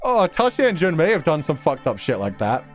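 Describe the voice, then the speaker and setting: A man reading a novel aloud on stream and reacting to it in a giggly, profane, excitable way. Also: a little high, fairly quick. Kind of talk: casual stream commentary and read-aloud. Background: faint music.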